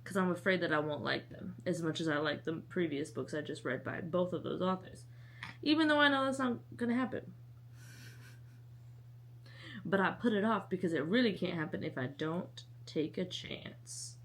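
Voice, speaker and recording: A woman's voice: fairly low pitch, animated, a little fast, vocal fry. A young woman talks straight to the camera about her reading, chatty and rambling. She jokes at her own expense and drifts off into little asides. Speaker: book vlogger. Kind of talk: casual chat to camera.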